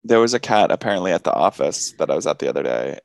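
A man's voice: low voice, sing-song, fast, no room sound. A young man co-hosting a podcast, rambling casually with plenty of swearing and laughter. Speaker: podcast co-host. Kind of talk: casual chat.

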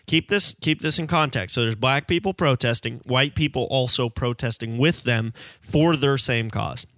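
Brief: young man, mid pitch, dry close mic, emphatic casual storyteller. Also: normal speed, fairly bright tone, no echo. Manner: emphatic, storytelling, calls listener bro. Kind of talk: casual chat.

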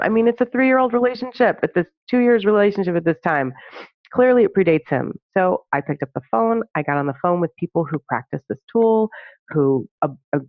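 A woman guest telling a personal story in conversation, animated and full of fillers, acting out what people said. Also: on the low side, fast, no room sound. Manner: animated, reenacts dialogue with many fillers. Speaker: podcast guest, social justice trainer. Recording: narrow phone-like dry audio.

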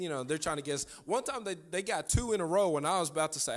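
A man's voice: fairly high pitch, expressive, fast talker, few pauses. A preacher delivering a sermon who repeats lines for emphasis and chuckles his way through a family story.

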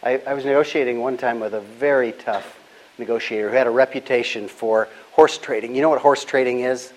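Calm, measured older man telling stories. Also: medium pitch, rough recording. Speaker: guest, business founder. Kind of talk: storytelling interview answers.

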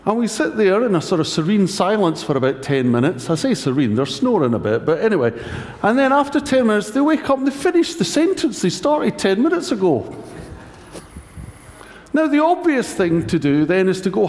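A man's voice: sits high, sing-song, normal speed, a little mellow. A man preaching a conversational sermon, wry and anecdotal with self-mocking humour. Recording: echoey hall reverb.

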